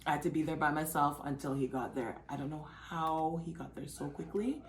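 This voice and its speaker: A woman vlogger casually telling her own story in a chatty, animated way. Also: a little fast. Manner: chatty, animated, acts out others' lines in a high excited voice. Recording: echoey room with faint music.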